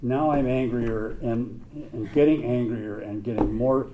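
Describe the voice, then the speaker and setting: A man's voice: mid-range voice, steady tone, measured pace, background noise. An older man telling his own recovery story to a group, blunt and plain-spoken, with some mild swearing. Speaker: recovery meeting speaker.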